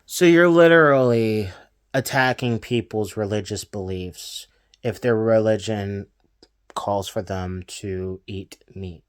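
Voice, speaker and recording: A man's voice: fairly low pitch, slow, smooth. A man hosting a reaction commentary, ranting scornfully at a clip. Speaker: commentary host.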